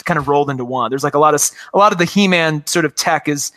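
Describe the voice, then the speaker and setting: A man's voice: fairly high pitch, fast talker, bright, forceful tone. A man in his forties chatting enthusiastically about cartoons, rambling with lots of fillers. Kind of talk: casual chat about cartoons.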